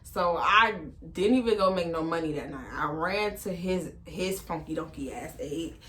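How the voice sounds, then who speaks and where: A woman tells a personal storytime in a casual, slangy way, full of fillers. Her voice is bright and forceful and sits a bit low. She jumps up high when she acts out what others said. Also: moderate pace, slight background noise. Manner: animated, acts out quoted voices with big pitch jumps. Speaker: storytime vlogger.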